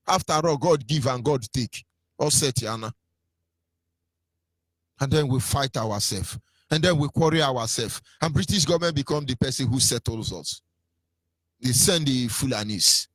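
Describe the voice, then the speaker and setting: A Nigerian radio commentator delivers an impassioned political talk in a mocking, sing-song manner, his voice swinging between rises and drops. He speaks at medium pitch and normal speed, pausing often, with a fairly bright tone and no echo.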